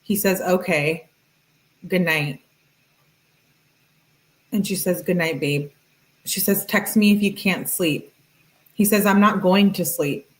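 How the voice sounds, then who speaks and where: A woman hosting a true-crime channel, reading text messages aloud in a flat, casual way with "she says, he says" tags and chatty asides. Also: lowish voice, slow pace, pauses often, rough recording.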